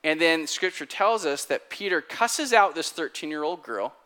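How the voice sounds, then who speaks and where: A man preaching a sermon, retelling a story in an animated, conversational way. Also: fairly high pitch, normal speed, hardly any pauses.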